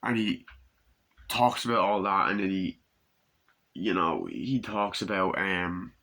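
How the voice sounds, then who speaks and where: A man reviews a movie in a loose, rambling way, with a low voice that still has a bright, forceful edge. He swears freely and keeps slipping into acted-out bits of the scenes. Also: lively intonation, slow pace, gravelly. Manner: rambling, profane, acts out scenes in quoted voices.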